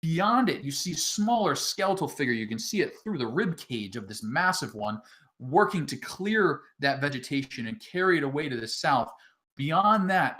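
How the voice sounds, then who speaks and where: A man narrating as game master of an online tabletop game, halting often with filler sounds between phrases. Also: a little high, a bit bright.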